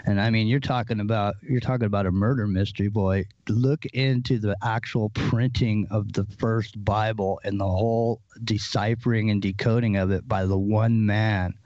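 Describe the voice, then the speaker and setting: Man, podcast guest, casual enthusiastic chat, excitable, dull dry lo-fi audio. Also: lowish voice, normal speed, few pauses, no room sound.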